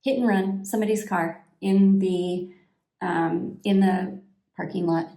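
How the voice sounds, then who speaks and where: A woman's voice: mid-range voice, steady tone, unhurried, creaky, warm tone. Rambling woman vlogger in an echoey room. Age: 40s. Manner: rambling, full of fillers and restarts. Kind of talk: casual chat while getting ready.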